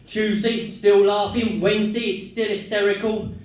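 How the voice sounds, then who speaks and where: A man doing a stand-up comedy set, telling jokes in a deadpan storytelling way and chuckling at his own punchlines. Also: high voice, normal speed. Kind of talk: stand-up set with crowd work. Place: comedy club stage. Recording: echoey club room, mic far off.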